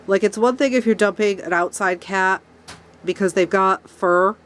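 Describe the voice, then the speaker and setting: A rabbit keeper with a cold and stuffy nose vlogs casually from her barn, her pets close by, ranting angrily about a problem and commenting on her angry tone. She has a mid-range, fairly bright voice at normal speed.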